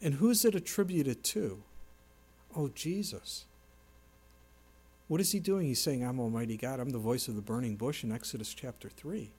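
A man's voice: medium pitch, moderate pace, long pauses, darkish tone, breathy edge. A man preaching a sermon in an earnest, emphatic way, quoting and explaining scripture. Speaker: pastor.

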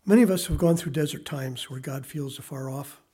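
A man in his thirties preaching a sermon, swinging from loud emphasis to quiet, hushed asides. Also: on the high side, brisk, breathy edge. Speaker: pastor.

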